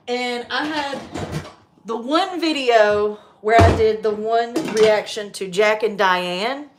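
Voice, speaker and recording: A woman's voice: a little high, background noise. Chatty woman livestreaming. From North Carolina. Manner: chatty and animated, quick to laugh. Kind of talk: casual livestream chat.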